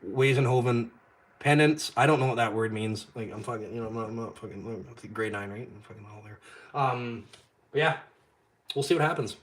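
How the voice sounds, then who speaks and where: A man hosting a live stream, talking bluntly and with heavy swearing, jumping from loud outbursts to low muttered asides. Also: fairly quick. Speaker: YouTube channel host. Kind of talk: profane live-stream rant.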